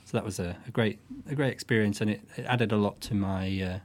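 Low-voiced musician, halting. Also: male voice, fairly even intonation. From northwest England. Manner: thoughtful, halting, with restarts. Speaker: guest musician. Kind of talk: relaxed interview chat.

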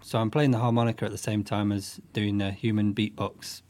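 Low-voiced man explaining his music. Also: little pitch movement, darkish tone. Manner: thoughtful, halting explanations. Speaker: folk musician guest. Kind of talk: interview conversation.

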